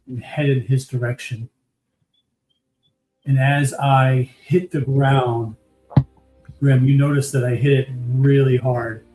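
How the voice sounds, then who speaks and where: Tabletop player, a man, matter-of-fact and unhurried, with audible room echo. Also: medium pitch, warm tone. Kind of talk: describing his character in a tabletop game.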